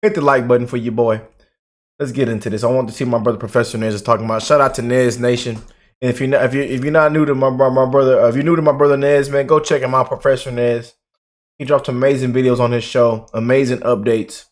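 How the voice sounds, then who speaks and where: A young man hosting a reaction channel, ranting heatedly and repeating himself, then dropping to quiet asides. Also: mid-range voice, fairly even intonation, quick pace.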